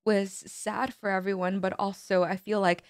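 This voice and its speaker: A woman's voice: mid-range voice, flat delivery, moderate pace, dry recording, clean studio sound. A woman hosting a music reaction video, talking in an earnest, rambling way with many fillers and restarts while tearful and collecting herself after crying. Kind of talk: emotional reaction commentary.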